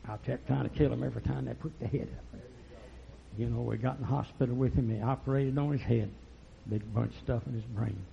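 A man preaching a fiery, folksy sermon that swings from low murmurs to loud shouts. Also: steady tone, fairly quick, creaky. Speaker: pastor. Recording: lo-fi recording.

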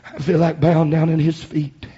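Faint hiss and muffling mark this recording of a man preaching. His fairly high, slightly mellow voice keeps a measured pace and fairly even intonation, while he chants rhythmically with breathy "uh"s and performs the voices in his dramatic story.

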